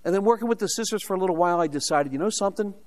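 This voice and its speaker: A man's voice: high voice, racing, a little mellow. An older American man preaching a sermon, telling his own story with humorous asides and rhetorical questions. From United States. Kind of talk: sermon with personal testimony.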